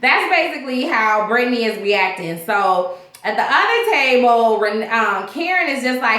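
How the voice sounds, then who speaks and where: Woman vlogger, sassy casual recap, high bright voice, echoey room. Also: animated, moderate pace. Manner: sassy and candid, addresses viewers as "y'all". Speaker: vlogger reviewing a reality show episode.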